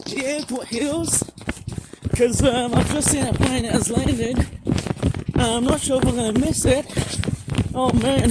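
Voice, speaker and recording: A man narrating a casual outdoor vlog, excitable and exclaiming often, out of breath as he hurries uphill. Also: extremely high pitch. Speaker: vlogger. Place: outdoors in a park near an airport. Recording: loud outdoor noise.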